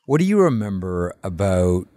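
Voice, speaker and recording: A man hosting a casual interview, asking relaxed, chatty questions. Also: sits low, moderate pace, no room sound, clean studio sound.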